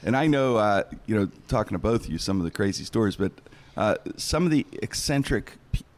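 A man's voice: lowish voice, expressive, fairly quick. A man hosting a podcast, chatting casually and joking with his guests. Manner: rambling, joking, restarts his sentences. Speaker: podcast host. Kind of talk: casual chat.

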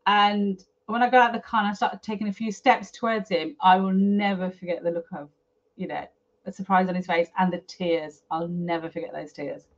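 A woman's voice: fairly low pitch, steady tone, fairly quick. A middle-aged woman, a guest on an interview, telling a personal story candidly and with feeling, chatty and full of fillers. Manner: frank, emotional, chatty with fillers. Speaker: guest, property developer. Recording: slightly dull lo-fi audio.

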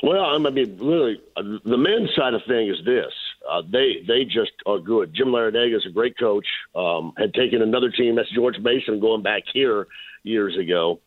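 A man calling in as a sports radio guest, slightly hoarse and losing his voice, giving steady analysis with fillers. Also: on the low side, moderate pace, no echo. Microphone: phone. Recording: tinny phone line.

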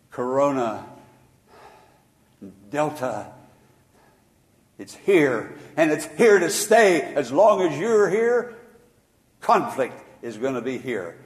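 An older man preaching a sermon as pastor, shifting from hushed storytelling to loud, emphatic exhortation. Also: mid-range voice, in a large hall.

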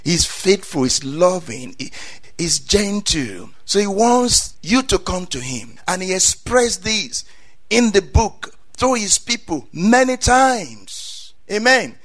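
A man preaching a passionate sermon in a noticeably high voice. He says amen again and again and circles back over his own phrases. His delivery climbs toward loud, emphatic peaks. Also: big pitch swings, slow.

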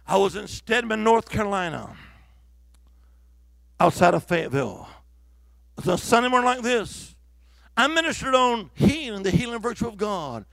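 High gravelly fervent preacher man. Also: very animated, moderate pace, pauses often, fairly bright tone, dry recording. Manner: fervent, exhorting, calls out hallelujah. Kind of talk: revival sermon.

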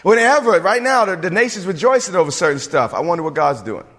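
A male pastor preaching a sermon in an animated way, repeating fillers as he speaks. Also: high-pitched, fast talker. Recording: reverberant hall.

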